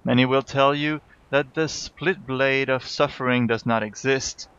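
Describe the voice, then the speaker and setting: Brief: man reading a grim old game warrior, solemn telling, slow, dull lo-fi sound. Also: medium pitch, steady tone, a bit bright, smooth, dry recording, lightly acted. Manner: solemn storytelling.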